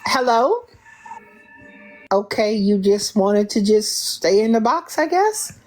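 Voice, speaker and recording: A woman's voice: mid-range voice, animated, measured pace, darkish tone, soft background music. A woman hosting a live-streamed call-in show who talks with sassy, confrontational emphasis. She repeats herself and restarts sentences often, and she refers to herself in the third person. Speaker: livestream host taking callers.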